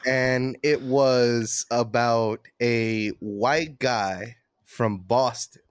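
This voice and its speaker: A man's voice: mid-range voice, steady tone, very slow, clear, resonant tone, no echo, clean studio sound. Man telling a story on a podcast. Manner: loose storytelling with profanity. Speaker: podcast co-host. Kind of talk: casual chat.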